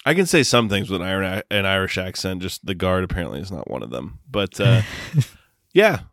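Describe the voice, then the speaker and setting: A man's voice: deep voice, big pitch swings, normal speed, a bit bright, no room sound, studio quality. A man co-hosting a casual movie-review podcast, sardonic and casual with swearing. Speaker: podcast co-host.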